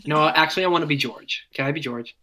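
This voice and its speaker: A man's voice: a little high, fast talker, pushed and bright. A young man joking around on a casual podcast chat. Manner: joking, playful. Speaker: podcast co-host.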